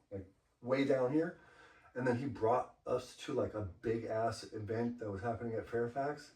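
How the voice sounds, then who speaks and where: Guest graffiti writer from LA, loose and profane storyteller, heard from across a roomy space. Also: male voice, medium pitch, a little mellow. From Los Angeles. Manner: profane, laid-back storytelling with frequent "you know". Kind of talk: casual storytelling interview. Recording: roomy, mic far off.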